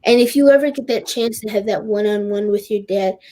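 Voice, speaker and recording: A woman's voice: medium pitch, mellow. A teenage girl talking as a podcast guest, earnest and openly emotional, often stopping and restarting her sentences. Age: teens. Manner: earnest, halting, with many restarts. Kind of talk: personal podcast conversation.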